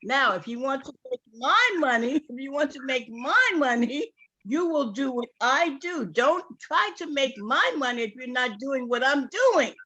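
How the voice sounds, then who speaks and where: Woman, New York accent, high bright voice, emphatic and rambling, group-call testimonial. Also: animated, a little slow. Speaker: distributor on a sales call.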